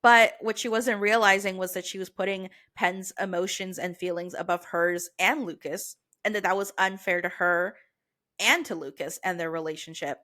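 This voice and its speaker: A woman's voice: lowish voice, moderate pace. A young woman co-hosting a book podcast, chatting casually and retelling the plot with lots of "like". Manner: chatty, heavy use of "like", lively retelling. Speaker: podcast co-host.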